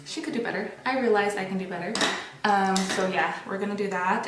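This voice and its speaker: A woman's voice: medium pitch, fairly even intonation, brisk, roomy sound, noisy background. A young woman chatting candidly while getting ready, rambling with many restarts, recorded on a built-in camera mic. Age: young adult. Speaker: beauty vlogger. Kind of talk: casual get-ready-with-me chat.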